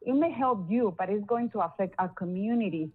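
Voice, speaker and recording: A woman's voice: mid-range voice, breathy edge. Earnest woman calling in by phone. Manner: earnest, slightly halting. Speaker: public caller. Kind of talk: public comment by phone. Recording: phone line.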